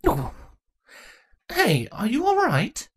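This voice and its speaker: A woman's voice: high voice, huge pitch swings, slow, husky, voice pushed up, full character voice. A woman voicing a laid-back, teasing young female changeling in a storybook reading. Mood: casual. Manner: casual, dry, teasing.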